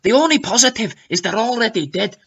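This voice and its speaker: A man putting on a shrill, scandalised Scottish woman. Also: expressive, brisk, gravelly, a bit bright, husky, highs cut off, full character voice. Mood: disapproving. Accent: put-on Scottish. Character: indignant female online commenter, put-on Scottish accent.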